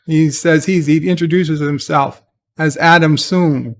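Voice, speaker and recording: A man with a slightly high voice talks slowly through a TV episode he is reviewing. He rambles and hesitates, filling gaps with "uh" and "he's like". His asides turn sarcastic and exasperated. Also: steady tone. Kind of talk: casual spoken episode recap.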